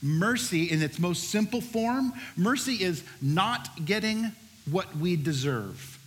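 Animated high-voiced male pastor. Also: slow. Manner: animated storyteller, shouts during the story's peaks. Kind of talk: sermon with personal story.

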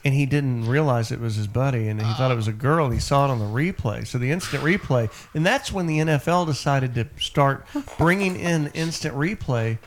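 A man's voice: medium pitch, fairly quick, few pauses, a little hiss or hum. A man hosting a radio show, joking around in casual, bawdy banter. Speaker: radio host.

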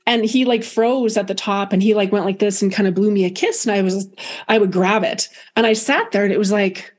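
Reflective woman medium, halting storytelling. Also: medium pitch. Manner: halting, many restarts, soft and reflective. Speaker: guest medium. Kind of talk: emotional personal storytelling.

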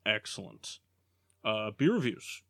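A man's voice: lowish voice, very animated, slow, vocal fry, dry recording, clean studio sound. A man hosting a casual sports podcast, leading segments in a jokey way with plenty of fillers. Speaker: podcast host.

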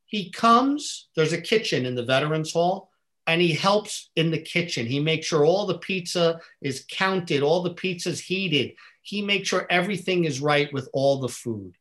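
Middle-aged male guest, slightly high voice, earnest storyteller who acts out conversations. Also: animated, measured pace, a bit bright.

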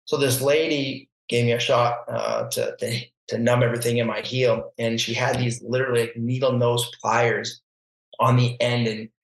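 A man tells a story as a podcast guest, chatty and animated, slipping into the voices of the people he quotes. His voice has an average pitch. The room around him gives a clear, roomy echo. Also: normal speed. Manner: animated, acts out quoted voices, laughs often. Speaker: podcast guest, barefoot water skier. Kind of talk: casual storytelling.

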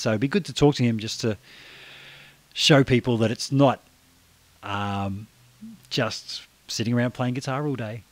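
An Australian man in his fifties hosts a casual podcast chat in a medium-pitched voice, talking a lot, laughing often and swearing casually. There's no room sound.

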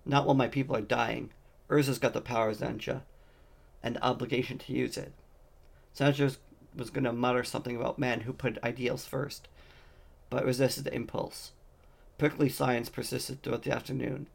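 A man's voice: mid-range voice, flat delivery, normal speed, gravelly. A man reading a fantasy novel aloud, voicing the dialogue lightly in his own voice. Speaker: audiobook reader.

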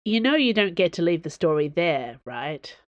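A woman's voice: lowish voice, very animated, moderate pace, no room sound, dull audio. A woman voicing a stubborn, prying young woman adventurer who asks pointed, challenging questions.

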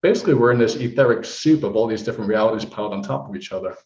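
A man, a guest in a casual interview, telling a story in an animated way and acting out the voices he quotes. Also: lowish voice, very fast. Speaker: guest, holistic practitioner. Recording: roomy, dull lo-fi sound.

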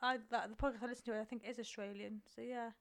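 A woman's voice: a little high, fairly even intonation, quick pace, vocal fry. A woman co-hosting a podcast, chatting casually and poking fun at herself, often restarting her words. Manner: chatty, self-deprecating, trailing restarts. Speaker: podcast co-host. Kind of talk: casual chat.

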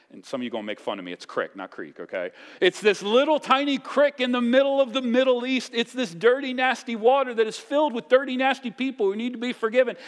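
A male pastor preaching a sermon in a conversational style, now and then building to loud, emphatic passages. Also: on the high side, big-room sound. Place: church.

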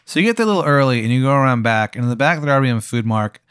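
A young man running a comic tabletop game as game master, deadpan and laughing at his own bits. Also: medium pitch, very fast, smooth, no room sound, clean studio sound. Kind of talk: improvised comic tabletop narration.

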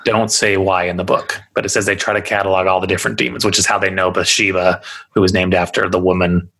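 A man's voice: sits low, flat delivery, fast talker, fairly bright tone, poor audio. A man hosting a podcast, recounting a haunting in a casual, rambling way. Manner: chatty, rambling with many fillers. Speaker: podcast host. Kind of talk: casual storytelling chat.

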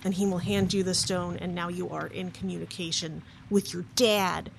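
A woman narrating as game master of a tabletop role-playing game, relaxed and storytelling. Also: on the low side, normal speed, gravelly, noisy background.

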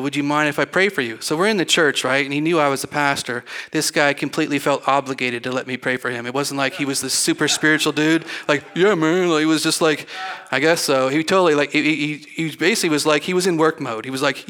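Speaking in a slightly high voice with a sharp edge, a middle-aged pastor tells stories from the pulpit of a church sanctuary. His sermon is rambling and folksy, and he acts out whoever he's quoting.

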